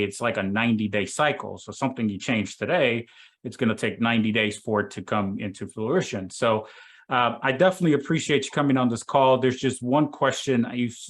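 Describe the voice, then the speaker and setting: Halting man hosting a video call. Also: medium pitch. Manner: halting, many restarts and fillers. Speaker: host.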